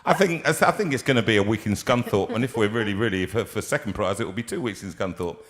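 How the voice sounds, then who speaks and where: A fairly low-pitched man in his sixties chats loosely and jokily as the host of a live show. He wanders off mid-sentence, fills gaps with ums and restarts himself. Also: fast, fairly bright tone. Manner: rambling, jokey, full of ums and restarts. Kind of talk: casual live show chat. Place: home studio.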